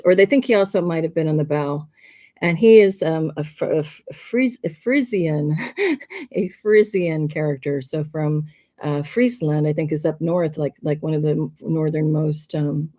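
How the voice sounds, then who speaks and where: A woman with a low, mellow voice runs a livestream, presenting casually. She rambles, keeps up a chatty flow, and laughs a lot.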